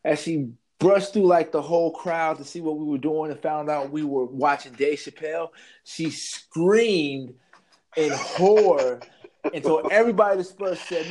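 A man's voice: fairly high pitch, unhurried, darkish tone. A young man telling a school story in casual chat, laid-back and slangy, laughing as he goes. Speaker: co-host.

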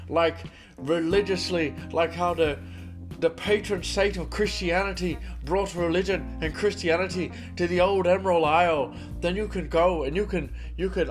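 A man hosting a podcast puts on a playful, exaggerated mock Irish accent that slips toward posh British. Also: lightly acted. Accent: mock Irish, slipping toward posh British. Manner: hammy, high-pitched, playful. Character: exaggerated stage Irishman, jolly and loud.

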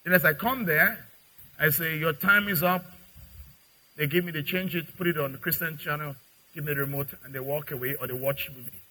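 A middle-aged male pastor preaching a sermon, acting out little dialogues and swinging from quiet to loud. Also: fairly high pitch, steady tone, fairly quick, slightly rough, low-quality recording. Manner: preaching with dramatic acted-out dialogue and big swings in loudness.

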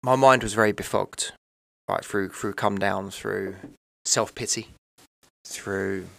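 A man talks through a hard personal story. His voice sits low, with a gravelly, fry-edged texture. It is recorded close and dry, and he rambles candidly and emotionally, leaning on "you know" and "right?". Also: steady tone, slow, a bit bright, no echo. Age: 30s. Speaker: podcast guest.

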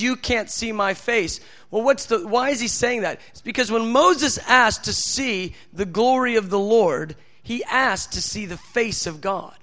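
A man's voice: high voice, fairly bright tone. A man preaching a sermon with fervent delivery that builds to emphatic outbursts.

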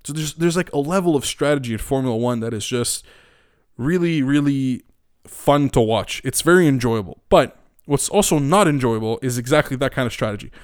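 With a mid-range voice and a clean tone, this young host talks fairly quickly, recorded dry at studio quality. His casual commentary wanders, swears, and pushes strong opinions with animation, full of fillers and restarts.

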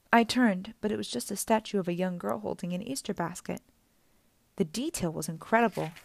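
Low-voiced female audiobook narrator. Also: creaky, no room sound. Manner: steady, storytelling delivery. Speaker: audiobook reader. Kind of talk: first-person audiobook narration.

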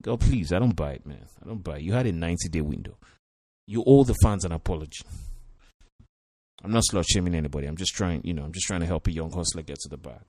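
A man's voice: deep voice, fast talker, warm tone, dry recording. A man giving blunt, profane commentary on a reality show, peppered with "you know". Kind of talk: casual commentary.

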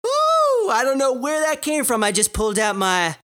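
A man's voice: high voice, animated, a little fast, a bit bright, clean tone. A young man co-hosting a gaming podcast in a casual, wry, easygoing way. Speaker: podcast co-host.

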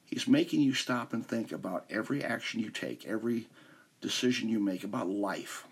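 A man's voice: fairly low pitch, moderate pace, gravelly, breathy edge. A man hosting a podcast, explaining a philosophy text in an informal, conversational way and stumbling over names now and then. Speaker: podcast host. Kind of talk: casual explanatory podcast talk.

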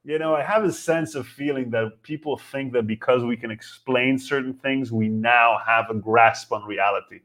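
A male comedian riffs through a casual podcast monologue at a middling pitch. He is animated and profane, piling up rhetorical questions. He jumps from loud bursts to near-mumbled asides. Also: moderate pace, few pauses.

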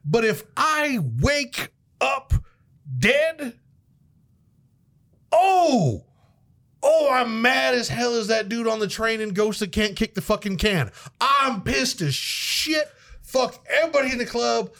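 High-voiced man ranting profanely. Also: slow, gravelly. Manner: profane, animated ranting with sudden loud outbursts. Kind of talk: casual chat.

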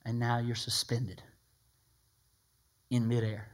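A male pastor preaching a streamed sermon, telling a story with animated, excited delivery that drops to hushed intensity. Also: mid-range voice, slow.

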